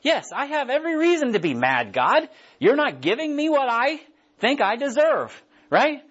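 A man's voice: very high-pitched, huge pitch swings, moderate pace, fairly bright tone, husky, pitched above the performer's own voice, exaggerated voice. A man voicing a resentful male prophet who complains in an indignant, whiny way, heard on a dull lo-fi recording.

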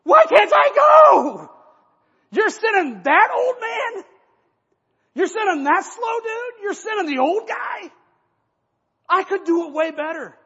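A man voicing a brash, eager young male runner who pleads and whines loudly, recorded in an echoey hall with dull lo-fi sound. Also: very high voice, very animated, slow pace, long pauses, voice pushed up, heavily acted. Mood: indignant. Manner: loud, pleading, indignant.

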